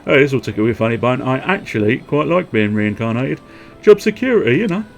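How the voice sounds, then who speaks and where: A man's voice: mid-range voice, sing-song, fairly quick, vocal fry, faint music behind, pitched above the performer's own voice. A man voicing a cheerful young undead soldier, eager and full of bony puns. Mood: chirpy.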